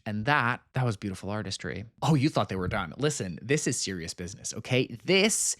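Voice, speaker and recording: A man's voice: fairly low pitch, expressive, fairly quick, few pauses, no room sound, studio quality. A man giving a comedic movie recap with theatrical, sarcastic asides. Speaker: film reviewer.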